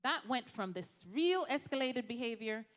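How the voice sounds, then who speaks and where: Woman doctor from Jamaica, chatty health talk to a church crowd; higher voice, long hall echo. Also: lively intonation, moderate pace, a bit bright. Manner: conversational, addresses the audience directly. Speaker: physician speaker.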